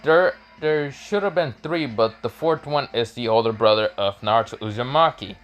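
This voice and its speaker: A man voicing a hot-tempered grown male ninja teacher in an improvised fan story, pitched up, loud and panicky. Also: moderate pace, close to an everyday voice. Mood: pleading.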